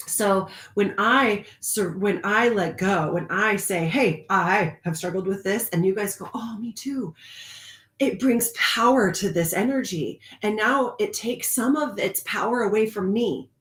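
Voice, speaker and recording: A woman's voice: medium pitch, roomy sound. A woman leading a live online spiritual group, talking in a confiding way and laughing often. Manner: warm, confiding, laughs often, speaks slowly at moments.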